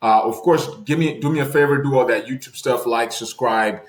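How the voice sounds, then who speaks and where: A man's voice: mid-range voice, brisk, echoey room. A man hosting an interview video, incredulous and emphatic, speaking bluntly. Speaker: host, channel owner.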